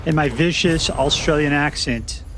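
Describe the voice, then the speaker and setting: He speaks on the high side at a measured pace, cracking jokes and chatting to himself while he plays cards. There's noise in the background.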